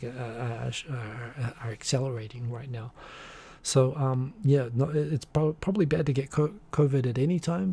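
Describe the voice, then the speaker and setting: A man's voice: mid-range voice, gravelly, warm tone, slightly rough. A man hosting a live stream, chatting casually and rambling with frequent restarts. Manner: rambling, restarts often, chuckles. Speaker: host of a weekly live show.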